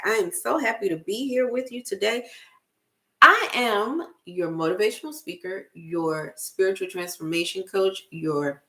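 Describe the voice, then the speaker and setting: A middle-aged woman speaks as a spiritual life coach, unhurried and deliberate. Her voice carries a gravelly fry, and she leans on repeated phrases for emphasis. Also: mid-range voice, sharp tone. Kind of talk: casual spiritual motivational talk to camera.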